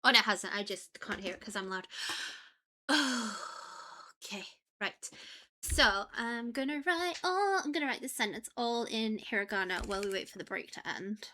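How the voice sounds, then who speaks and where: In a casual live stream, a young woman rambles chattily, dropping lots of ums and cutting herself off. She speaks at normal speed with a fairly high, sharp voice and lively intonation.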